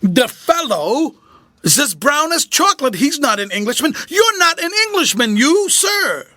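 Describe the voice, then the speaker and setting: A man's voice: high-pitched, animated, fairly quick, bright, forceful tone, no echo. A man doing a quivering, terrified old general. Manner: gasping, quivering, stammering. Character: jittery elderly male general, terrified.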